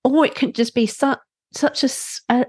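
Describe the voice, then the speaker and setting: A woman who works as a parenting instructor, talking as a guest in a podcast interview, playful and quick to laugh. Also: high voice, breathy edge, dry recording, clean studio sound. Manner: playful, laughs easily, animated. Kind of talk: conversational interview.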